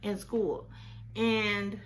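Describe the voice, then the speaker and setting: A woman telling a storytime vlog, animated and incredulous, firing off rhetorical questions, repeating words and dropping to near-whispers for asides. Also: medium pitch, very slow, a little hiss or hum. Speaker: vlogger.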